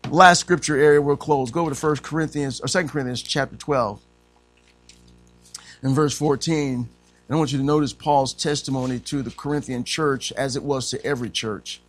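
A man preaching a sermon as pastor, animated and swinging from loud to hushed. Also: mid-range voice, normal speed, faint music behind.

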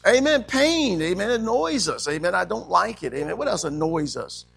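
Male pastor, sermon, call-and-response, high voice, gravelly edge. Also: sing-song, normal speed, a bit bright. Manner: preaching call-and-response, frequent amens.

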